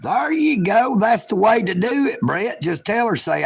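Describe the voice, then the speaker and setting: A man's voice: high-pitched, expressive, a little slow, vocal fry, hardly any pauses, husky, no echo. A man from chatting on a livestream in a folksy, joking, rambling drawl. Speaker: livestream host. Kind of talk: casual livestream chat.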